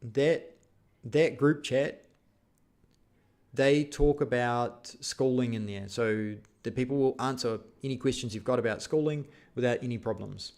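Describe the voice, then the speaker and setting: A man's voice: medium pitch, measured pace, a little mellow. A man hosting a live stream, reading out viewer questions and answering them in a casual, rambling way with many fillers. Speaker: vlog host answering live chat.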